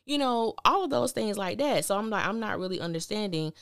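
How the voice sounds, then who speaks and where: A woman's voice: mid-range voice, lively intonation, fairly quick, a bit bright, smooth, no room sound, studio quality. A woman hosting a podcast, recapping a TV drama in candid, opinionated casual talk and acting out the characters' lines. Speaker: podcast host reviewing a TV drama.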